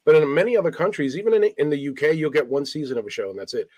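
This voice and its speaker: A man's voice: fairly high pitch, very animated, a little mellow, no echo, low-quality recording. A man co-hosting a podcast in casual chat, telling rambling, jokey stories. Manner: fast, rambling storyteller, jokey. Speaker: podcast co-host.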